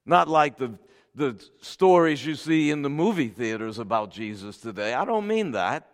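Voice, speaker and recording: A man preaching a sermon, reading scripture forcefully and then dropping to soft, tender asides. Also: mid-range voice, animated, normal speed. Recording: long hall reverb.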